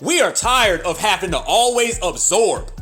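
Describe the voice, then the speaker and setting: A man with a strikingly high voice delivers a heated social commentary rant. He talks in an emphatic, sing-song way and circles back to mocking repeated phrases. Faint music plays under him. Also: lively intonation, moderate pace, a bit bright. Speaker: commentary channel host.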